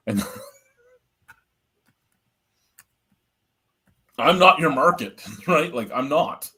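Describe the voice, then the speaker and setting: A man's voice: on the high side, expressive, extremely slow, long pauses, fairly bright tone, breathy edge. A middle-aged man hosting a beer review show, telling stories in a blunt, profane, rambling way. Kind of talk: casual storytelling chat.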